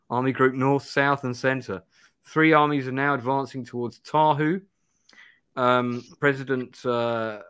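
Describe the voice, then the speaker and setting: A man's voice: medium pitch, fairly bright tone, no room sound, clean studio sound. A man hosting a live stream, reading a gamebook aloud and chatting in a rambling, self-deprecating way. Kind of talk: live-stream play-through narration and chat.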